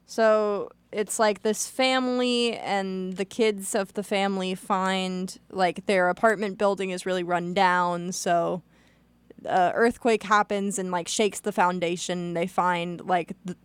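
A woman's voice: smooth, dry recording. A woman co-hosting a podcast in casual, joking chat, full of filler words. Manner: joking, uses filler words like "like" and "low-key". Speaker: podcast co-host.

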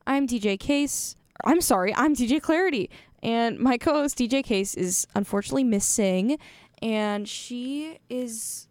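A woman's voice: medium pitch, darkish tone, dry recording. Chatty young woman radio DJ. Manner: chatty, self-correcting, giggly. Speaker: college radio DJ. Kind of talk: casual radio hosting. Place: radio studio.

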